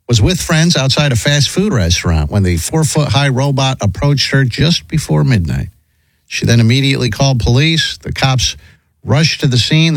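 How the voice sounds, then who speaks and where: A man's voice: medium pitch, dry recording. A man hosting a talk radio show, rambling with lots of fillers and chuckling. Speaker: radio host.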